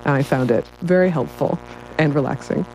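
A woman's voice: sits low, moderate pace, dark tone, soft background music, low-quality recording. A woman writer talking as a guest in a casual interview, enthusiastic and often breaking into laughter.

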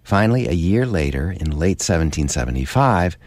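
A man hosting a radio history documentary, giving measured, scripted narration. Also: sits low, big pitch swings, darkish tone, no room sound.

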